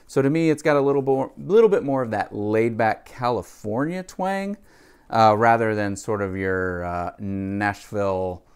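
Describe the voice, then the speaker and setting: This man, a vlogger and record collector, has a lowish, clean-toned voice. He chats loosely to camera about his latest music purchases, full of asides and fillers.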